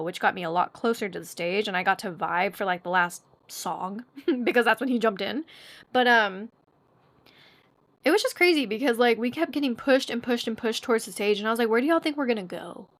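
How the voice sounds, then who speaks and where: A young woman, hosting a podcast and telling a story in a chatty, animated way, squeaking when she acts out quotes. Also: a little fast. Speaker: podcast host. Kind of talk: casual storytelling monologue.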